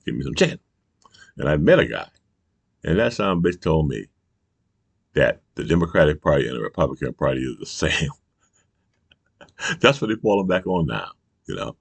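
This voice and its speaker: A man's voice: rumbling low, big pitch swings, normal speed, gravelly, long pauses, slightly rough, dry recording. A man hosting his own channel, delivering a heated, profane political commentary rant peppered with "you know.". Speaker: channel host. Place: Michigan.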